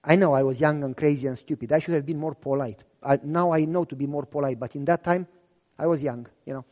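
A man pastor telling a story in a sermon, with animated delivery and deadpan humor. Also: on the high side, quick pace, long reverb tail.

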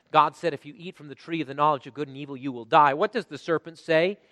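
A man's voice: fairly high pitch, fairly even intonation, fast talker, fairly bright tone, in a large hall. A pastor preaching a sermon to his congregation with dynamic delivery, asking them rhetorical questions.

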